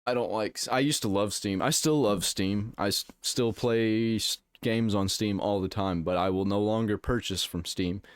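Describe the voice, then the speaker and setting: A man's voice: fairly low pitch, moderate pace, few pauses, clear, resonant tone, dry recording, studio quality. A man giving casual reaction commentary, ranting and sarcastic.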